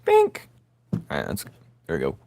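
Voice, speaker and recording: A man's voice: low voice, moderate pace, a bit bright. A man giving casual commentary while he draws, laid-back and teasing, talking to himself as he works. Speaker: artist drawing on camera.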